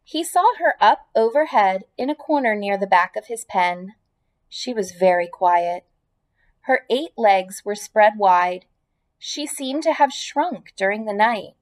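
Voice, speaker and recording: A teacher reading a storybook aloud. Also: female voice, medium pitch, lively intonation, measured pace. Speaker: elementary school teacher. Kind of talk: children's book read-aloud.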